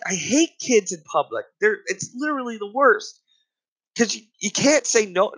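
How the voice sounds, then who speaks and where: A man rants in a comedy bit, angry and exasperated, with swearing in almost every sentence. His voice sits high for a man. He sounds fed up and worked up throughout. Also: lively intonation, normal speed, fairly bright tone, slightly rough, low-quality recording. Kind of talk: profane comedic rant.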